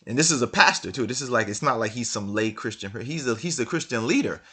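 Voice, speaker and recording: A man's voice: mid-range voice, animated, fast talker, pushed and bright, breathy edge. A man reading passages from a book aloud and commenting on them, hammering his points with repeated rhetorical questions. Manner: argumentative, many restarts. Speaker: religious commentator.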